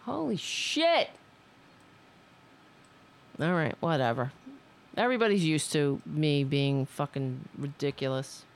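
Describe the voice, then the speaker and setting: A woman's voice: sits low, normal speed. A woman hosting a casual livestream, rambling, swearing and scolding herself. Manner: profane, self-scolding, rambling. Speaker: livestream host.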